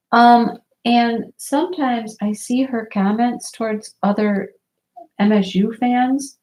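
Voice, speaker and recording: A woman vlogger telling stories in a casual chat, animated and often laughing. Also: medium pitch.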